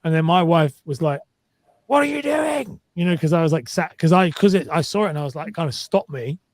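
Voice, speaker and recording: Fast-talking man, dry close sound. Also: a little high, darkish tone, dry recording. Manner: quick, halting, sympathetic. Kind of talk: casual conversation.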